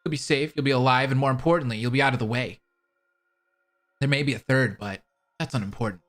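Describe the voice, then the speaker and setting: A man's voice: mid-range voice, fairly bright tone, soft background music, close to an everyday voice. A man voicing a cold, scheming male villain in a fan voice drama, taunting and contemptuous. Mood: menacing. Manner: taunting, contemptuous, slow and menacing.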